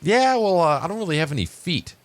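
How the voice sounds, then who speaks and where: A man's voice: a little high, sing-song, fairly quick, pitched above the performer's own voice. A man voicing a talkative male parrot who stammers and sounds embarrassed. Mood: sheepish. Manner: chatty, hesitant, stammering.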